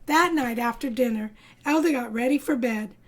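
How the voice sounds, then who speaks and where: A woman teacher reading a storybook to young children and leading a drawing lesson, in a slow sing-song manner with lively voices for the characters. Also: on the high side. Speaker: kindergarten art teacher.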